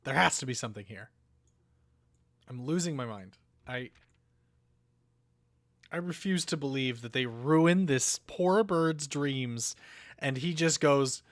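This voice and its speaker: A man's voice: mid-range voice, measured pace, long pauses, dry recording, clean studio sound. A young man hosting a let's play, reacting with dramatic, exaggerated outrage and sorrow in casual gameplay commentary.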